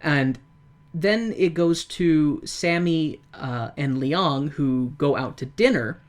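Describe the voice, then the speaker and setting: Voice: mid-range voice, takes it slowly. A podcast co-host in casual chat, recapping a stage musical in a loose, rambling way and acting out the characters' lines along the way. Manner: animated retelling that acts out characters' lines; loose, rambling delivery with many likes and restarts.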